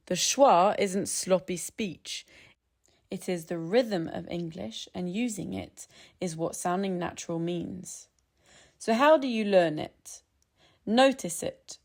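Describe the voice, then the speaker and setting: A woman narrating a scripted English pronunciation tutorial. She speaks in a calm, measured way and slows down to demonstrate sounds. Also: lowish voice, creaky.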